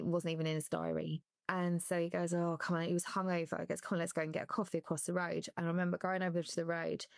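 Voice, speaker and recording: A woman's voice: lowish voice, gravelly, dry recording. A woman, a former athlete, talking candidly in an interview, laughing at times and close to tears. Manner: candid, laughing, voice catching with emotion. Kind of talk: emotional interview talk.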